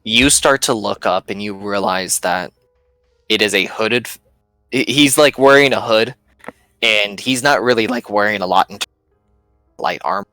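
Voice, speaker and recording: A man narrating as game master in a tabletop game, animated and laughing often. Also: on the low side, normal speed, long pauses, no room sound, soft background music.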